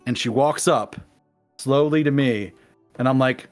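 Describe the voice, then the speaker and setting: A man's voice: medium pitch, unhurried, long pauses, soft background music. A man in a casual conversation, telling a long game story and acting out the characters' lines as he goes. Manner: animated storyteller acting out quotes. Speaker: guest in a game discussion.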